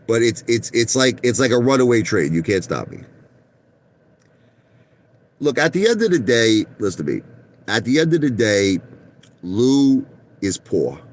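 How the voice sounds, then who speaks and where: A middle-aged man rambles through brash stories from his car, his pitch leaping up and down as he goes. He keeps pulling the listener in with "listen to me" and "okay?" A faint hum of noise sits behind him. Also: darkish tone. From Brooklyn, New York. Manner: boastful, repeats "listen to me" and "okay?", laughs mid-story. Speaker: vlogger. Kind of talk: rambling storytelling and boasting to viewers. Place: inside his parked car.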